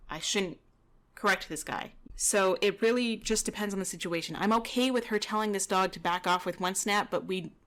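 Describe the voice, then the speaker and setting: Woman, dog trainer, mid pitch, relaxed conversational commentary over footage. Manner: relaxed, chatty, explaining with frequent "you know" and "kinda".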